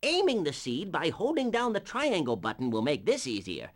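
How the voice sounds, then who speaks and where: A man's voice: on the high side, huge pitch swings, moderate pace. A man voicing an absent-minded male professor in a video game, rambling and correcting himself as he explains. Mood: instructive.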